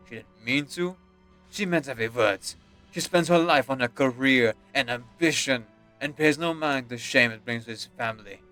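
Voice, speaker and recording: A man's voice: medium pitch, a bit bright, close to an everyday voice. A man voicing a stern, contemptuous aristocratic father who scolds his daughter.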